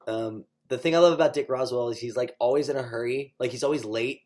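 Chatty animated man telling stories. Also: medium pitch, quick pace. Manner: animated storyteller, chatty, lots of fillers. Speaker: stage actor, guest. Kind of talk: casual interview chat.

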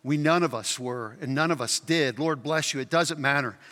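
A pastor voicing a gentle, patient man from heaven who speaks calmly and kindly to a ghost. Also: on the high side, normal speed, voice pushed down. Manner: calm, soft, kindly. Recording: reverberant hall.

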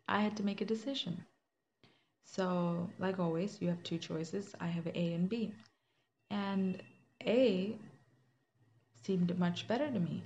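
Here a young woman whose voice sits on the low side and sounds a little mellow recounts her faith journey as a reflective testimony. Her manner is sincere and chatty, full of fillers and false starts. Slight muffling and a faint background hiss mark the recording.

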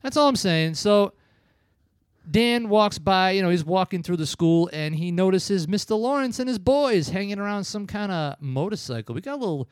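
A man's voice: sits high, animated, normal speed, dry recording, clean studio sound. A man in his thirties casually reviewing an old film, rambling and acting out the scenes in voices. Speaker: podcast co-host. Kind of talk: casual movie-review chat.

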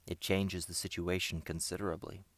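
A man reading aloud, voicing a serious, sensible young scout leader who speaks in a measured way. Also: low voice, level tone, no echo. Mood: grave.

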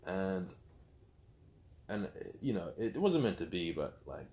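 Deep-voiced man telling his story candidly. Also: takes it slowly. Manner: open, animated storytelling with acted-out quotes. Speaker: guest. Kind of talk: candid personal interview.

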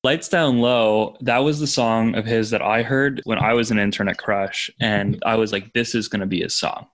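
A man's voice: on the low side, fairly even intonation, normal speed, fairly bright tone, a little hiss or hum. A man interviewing a guest in casual conversation, mostly giving short replies. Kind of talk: casual chat.

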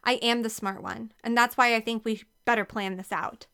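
Woman reader voicing a gushing, excitable teen girl in a storybook, bright crisp tone. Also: fairly high pitch, moderate pace. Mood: eager. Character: eager girly teen twin girl.

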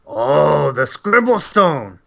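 A man's voice: on the high side, big pitch swings, takes it slowly, creaky, a bit bright, slight background noise, exaggerated voice. A man voicing a small, dim male goblin guard who speaks in broken grammar, eager and fawning, on dull lo-fi audio.

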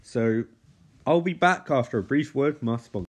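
A man's voice: mid-range voice, normal speed. A tired man reviewing a movie in a casual vlog, rambling and blunt, swearing freely.

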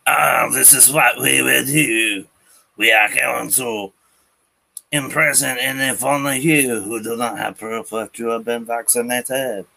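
A man voicing a stiff, high-handed French government official announcing a decree. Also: steady tone, unhurried, creaky, bright, forceful tone, exaggerated voice. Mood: pompous.

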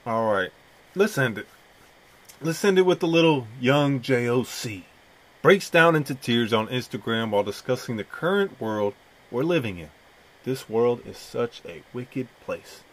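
A man's voice: mid-range voice, animated, normal speed. Laid-back, profane male podcast host. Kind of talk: casual podcast commentary.

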